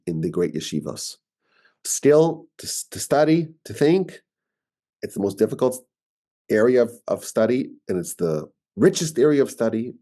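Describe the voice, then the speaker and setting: A man's voice: on the low side, darkish tone. A man with a New York accent, a rabbi giving an informal, argumentative teaching talk and often repeating words as he thinks.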